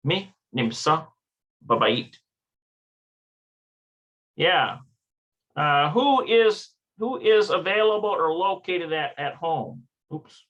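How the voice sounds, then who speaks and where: Man, study session thinking aloud, hesitant, self-correcting, slightly high voice. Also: expressive, slow, highs cut off. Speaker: language learner teaching from a textbook.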